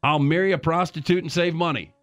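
A man's voice: fairly high pitch, fairly even intonation, no room sound, soft background music. A man hosting a radio show, reading odd news stories and then joking about them with his co-hosts. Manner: reads stories briskly, then jokes around.

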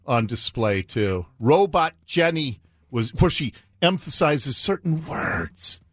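A man's voice: very animated, takes it slowly, fairly bright tone, no echo, studio quality. A man in his fifties hosting talk radio, mocking and sarcastic in his commentary. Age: 50s. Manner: sarcastic, mocking, swings in pitch. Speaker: radio host.

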